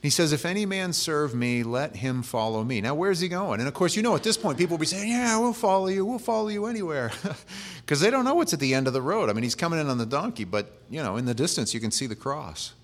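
A man's voice: mid-range voice, expressive, fast talker, few pauses. A male pastor preaching a sermon in a conversational way, with humorous asides.

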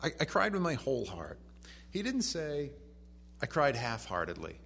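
A man preaching a sermon. He reads scripture softly and then rises to animated emphasis. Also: medium pitch, moderate pace, creaky, slightly rough.

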